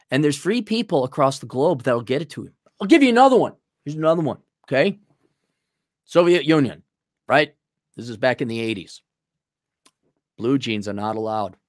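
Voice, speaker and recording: A man's voice: on the high side, no echo, studio quality. A man giving a profane, heated and mocking rant as a political commentator on a livestream.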